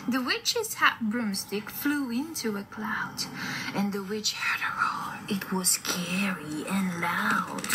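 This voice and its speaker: A woman reading a picture book aloud to a child, animated, with gasps and whispers. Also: medium pitch, slow. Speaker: reader. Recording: noisy home recording.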